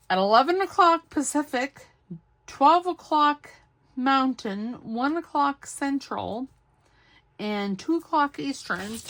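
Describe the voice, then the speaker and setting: Woman, crafting host, unhurried rambling chat, slightly high voice, faint background noise. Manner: rambling, scattered, self-correcting.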